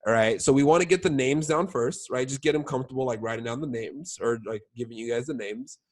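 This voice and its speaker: A young man talks fast in a mid-range voice, coaching his sales team in a casual training session. His speech is packed with fillers like "like," and he keeps checking in with "all right?"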